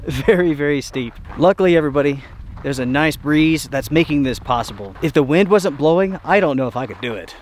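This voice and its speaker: A man's voice: on the high side, expressive, fairly quick. A man narrating a casual hiking vlog outdoors on a steep mountain trail, out of breath and enthusiastic as he climbs. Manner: enthusiastic, talking while hiking uphill. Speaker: outdoor gear vlogger. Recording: wind noise on an outdoor camera mic.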